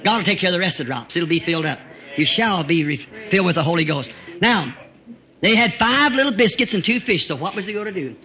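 Fervent high-voiced preacher on old tape. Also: male voice, animated, quick pace, highs cut off. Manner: fervent, rising to shouts, chuckling between phrases. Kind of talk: revival sermon.

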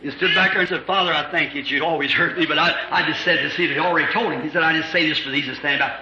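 A male preacher giving an impassioned revival sermon, swinging into shouts and acting out voices from scripture. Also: a little high, fast talker, very noisy. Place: church with congregation. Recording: lo-fi echoey church recording with congregation. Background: congregation responding.

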